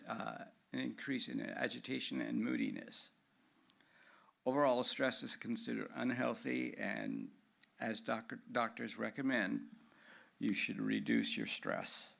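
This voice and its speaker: A man, a minister, speaking gently and steadily in short phrases during a Sunday prayer and sermon in a church sanctuary. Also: medium pitch, gravelly. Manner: slow, gentle, measured delivery with short phrases.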